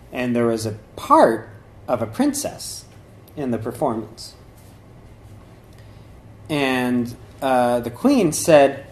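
A man giving an informal talk on meditation and yoga traditions, rambling conversationally with many fillers and restarts. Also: mid-range voice. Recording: echoey room.

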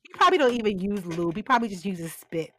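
A woman's voice: medium pitch, lively intonation, fast talker, fairly bright tone, slight background noise. A woman casually recapping a TV episode, acting out the characters' lines with lots of laughter. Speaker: podcast co-host recapping a TV episode.

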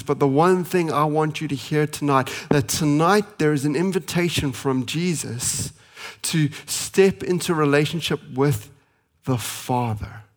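A pastor in his thirties delivers a sermon in a slightly higher-pitched voice. He sounds earnest and pleading. He lingers on key phrases and hurries through family anecdotes. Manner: earnest, pleading, with slow emphatic pauses and fast anecdotes.

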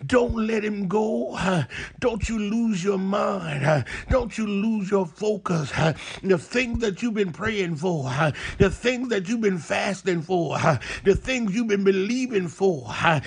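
A man preaching a sermon in a chanted, whooping cadence, opening nearly every phrase with a breathy "uh". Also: high voice.

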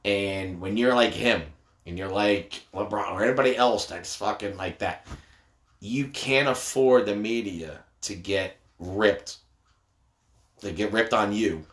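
A man's voice: on the low side, measured pace. A middle-aged man, a father, talking bluntly and swearing a lot in casual banter with his teenage son. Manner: blunt, heavy swearing, teasing. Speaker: father, podcast co-host. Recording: echoey room.

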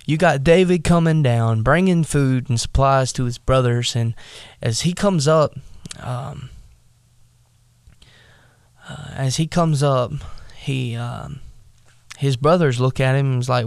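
A man teaching a casual bible lesson, retelling scripture in a halting way with many fillers and restarts. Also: medium pitch, creaky, smooth, dry recording, studio quality.

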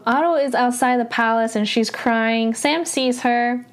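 A woman's voice: a little high, normal speed, hardly any pauses. A woman casually recapping a drama episode, chatty and full of filler words, with exasperated, incredulous asides.

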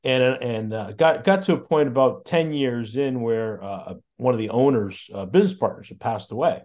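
A man's voice: medium pitch, moderate pace, a little mellow. A middle-aged man from Connecticut, a guest on a podcast, telling his story in a chatty way, repeating words and chuckling often. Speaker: podcast guest, auto shop owner. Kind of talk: casual storytelling interview.

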